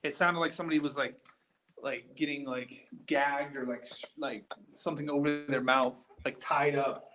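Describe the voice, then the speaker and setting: A man investigating an old building, talking excitedly and rambling with lots of fillers, sometimes dropping to a whisper. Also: medium pitch, normal speed, a little hiss or hum. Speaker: paranormal investigator. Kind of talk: live on-location ghost hunt. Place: walking through an old building indoors.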